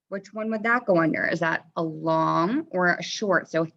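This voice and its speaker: A woman teacher slowly sounding out vowels in a phonics lesson. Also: fairly low pitch, vocal fry, a bit bright, dull audio. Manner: slow, drawn-out sounding out of vowels.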